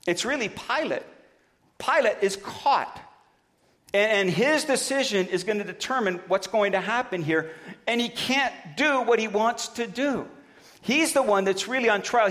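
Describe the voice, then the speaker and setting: A man's voice: high-pitched, a bit bright. A man preaching a conversational sermon and reading scripture aloud, with a few restarts along the way. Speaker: pastor.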